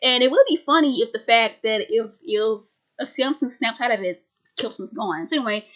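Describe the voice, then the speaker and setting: A woman's voice: on the high side, moderate pace, a bit bright. A young woman casually recapping a film, stuttering and restarting words often. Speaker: video creator.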